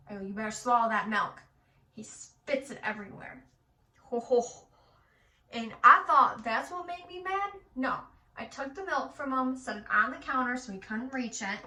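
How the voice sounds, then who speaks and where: Young Michigan mom vlogger, bright and bold, chatty and animated storyteller, recorded at some distance in an echoey room. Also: female voice, fairly high pitch. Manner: chatty, animated, swears casually. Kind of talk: casual storytelling while getting ready.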